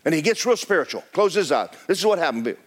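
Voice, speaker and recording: Male pastor, lively swooping pitch, hushed-to-shouting sermon delivery. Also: quick pace. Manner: animated preaching, swinging from hushed to shouting. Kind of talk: storytelling sermon. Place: church sanctuary.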